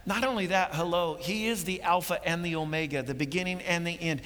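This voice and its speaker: A man's voice: high-pitched, brisk, fairly bright tone, big-room sound. A man preaching a sermon, earnest and building to emphatic points, often repeating words as he goes.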